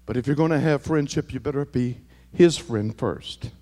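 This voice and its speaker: A male pastor preaching a sermon, dropping to near whispers and building to shouted, repeated refrains. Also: medium pitch, moderate pace, few pauses, long reverb tail. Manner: swings from hushed to shouted, repetitive preaching cadence.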